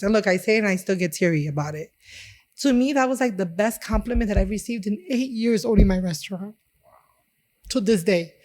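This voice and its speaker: A woman chef from Chicago tells stories in a lively, expressive way, slipping into the voices of the people she describes. Her voice sits at a medium pitch and sounds conversational and natural. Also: brisk. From Chicago, United States. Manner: animated, acts out dialogue in her stories. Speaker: chef and restaurant owner. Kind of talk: conversational storytelling.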